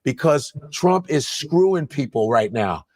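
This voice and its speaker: A comedian in casual chat, talking fast and animated and slipping into mock voices. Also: male voice, mid-range voice. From Nigeria-born family.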